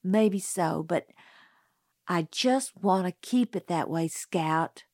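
A woman voicing a stubborn boy of about twelve in an audiobook, speaking in urgent, hushed tones. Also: lowish voice, takes it slowly, no echo, clean studio sound. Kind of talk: audiobook character voice.

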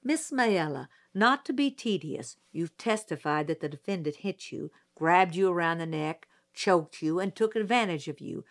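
A woman's voice: fairly low pitch, lively intonation, moderate pace, hardly any pauses. A woman reading an audiobook, voicing a middle-aged male lawyer who questions a witness patiently in a dry, detached way. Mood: measured, persistent.

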